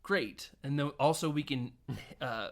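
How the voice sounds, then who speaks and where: Lively, slightly high-voiced man recapping a film. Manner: animated scene retelling with quick impressions and frequent laughter. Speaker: podcast co-host. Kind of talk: casual film podcast chat.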